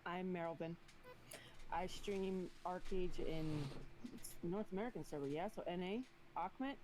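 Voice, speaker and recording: Lower-voiced unsure female streamer. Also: moderate pace, darkish tone, slight background noise, rough recording. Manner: plain, unsure, trailing off. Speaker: game streamer. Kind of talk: casual gaming chat.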